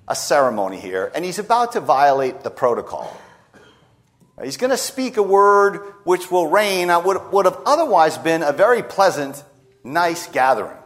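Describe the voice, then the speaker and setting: A man preaching a sermon, retelling a scripture story and voicing the people in it. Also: a little high. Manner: lively storytelling preacher, voicing quoted speakers. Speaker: pastor.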